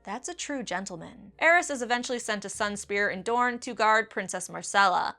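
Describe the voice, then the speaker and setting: A woman hosting a countdown video, talking excitably, swearing freely and acting out quotes. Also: medium pitch, a little fast, soft background music. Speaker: book video host. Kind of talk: enthusiastic countdown commentary.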